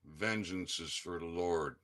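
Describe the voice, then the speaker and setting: An older man ranting in an impassioned monologue, swinging between loud outbursts and low muttering. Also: unhurried. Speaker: activist channel host.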